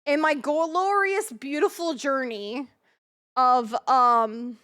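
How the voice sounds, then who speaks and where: A young woman chats on a live stream, her voice pitched very high. She rambles excitably, repeats herself and swears freely. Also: slow pace. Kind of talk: casual live-stream chat.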